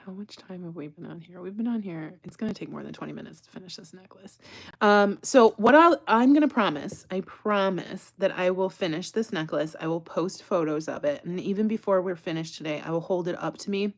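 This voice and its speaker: On a jewelry-making livestream, a woman with a fairly low, creaky voice talks briskly and chattily. Frequent laughter punctuates her reading of viewer comments, and she slips into a whisper while working.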